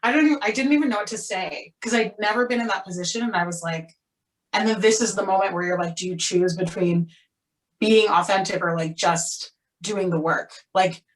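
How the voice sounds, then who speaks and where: A young woman theater actor, candid and animated, talking on a panel with frequent "like" fillers. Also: medium pitch, brisk. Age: young adult. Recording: voice distant from the mic.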